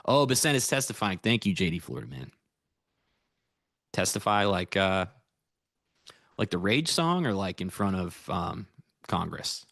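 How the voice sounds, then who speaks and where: A man's voice: low voice, expressive, measured pace, creaky, long pauses, a bit bright, no echo, clean studio sound. An American man reviewing his trades on a casual livestream, rambling and easygoing as he chats with viewers. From United States. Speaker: futures trader streaming live.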